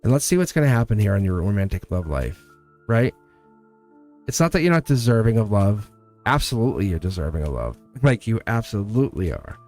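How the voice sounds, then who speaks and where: A man doing a live tarot reading, talking straight to the viewer with warm encouragement and lots of repetition. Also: on the low side, big pitch swings, a little fast, faint music behind. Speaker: tarot reader.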